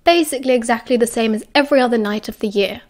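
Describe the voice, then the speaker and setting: A woman's voice: on the high side, racing, natural voice. A woman reading an audiobook, voicing a cocky teenage boy who banters cheekily. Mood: cheeky.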